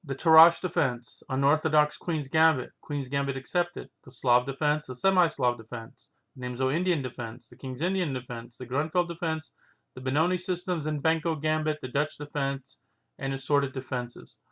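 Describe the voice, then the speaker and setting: A man with a bright, forward voice talks casually and unscripted. He thinks aloud as he goes, circling back and restarting his sentences. His pitch sits in an ordinary middle range. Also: normal speed. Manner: thinking aloud, rambling with many restarts and fillers. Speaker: vlogger reviewing his chess books.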